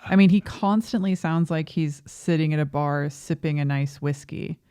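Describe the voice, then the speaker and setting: A woman's voice: low-pitched, moderate pace, dark tone, smooth, dry recording, studio quality. A woman co-hosting a movie review podcast in casual chat, opinionated and questioning, laughing often. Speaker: podcast co-host.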